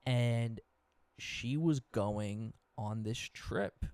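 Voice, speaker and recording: A man co-hosting a podcast, telling a story in a loose, animated way and swearing freely. His voice sits at an ordinary pitch. The recording is dry and close, with no room sound. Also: drawn-out words, no room sound. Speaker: podcast co-host. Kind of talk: casual chat.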